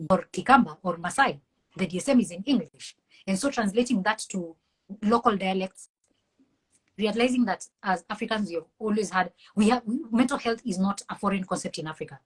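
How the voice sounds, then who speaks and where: Her husky, mid-range voice moving a little fast, a Kenyan woman in the mental health field speaks as a guest in a conversational interview. She is earnest and fervent, with a preachy streak, heard through a rough recording.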